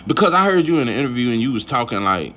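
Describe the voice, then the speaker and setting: A man's voice: medium pitch, big pitch swings, rapid-fire, fairly bright tone. A man vlogging about boxing in a casual, rambling, profane rant full of fillers.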